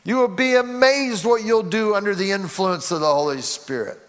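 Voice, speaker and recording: A man with a high voice preaching a sermon to his congregation, pushing his points with rising emphasis and acting out quotes along the way. His voice rings through a church sanctuary with a long, reverberant tail. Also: moderate pace, fairly bright tone. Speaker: pastor. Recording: reverberant hall.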